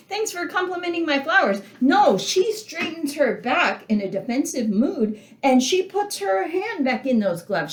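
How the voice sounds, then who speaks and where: Woman teacher reading a story and chatting about it, voice jumps around a lot, room echo. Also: mid-range voice. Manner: animated, talks to listeners with questions, reads passages aloud. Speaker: literature teacher. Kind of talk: lecture reading and discussing a story.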